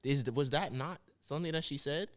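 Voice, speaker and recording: A man's voice: a little high, brisk, fairly bright tone. A man co-hosting a podcast, asking hesitant questions in casual chat and restarting his sentences. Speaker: podcast co-host.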